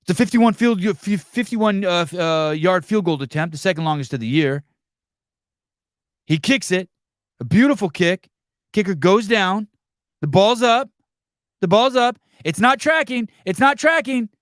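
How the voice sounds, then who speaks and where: A man doing a hyped-up football announcer, voice climbing way high, loud, repeats every call. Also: sing-song, unhurried, long pauses, no room sound, studio quality. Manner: breathless rising build-up, repeats calls. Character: overexcited male football play-by-play announcer.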